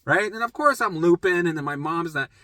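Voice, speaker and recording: Forceful, profane man telling his story. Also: fairly high pitch, expressive, fairly quick, no room sound. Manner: rambling, profane, emphatic. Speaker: vlogger sharing a health journey. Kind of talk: casual personal storytelling.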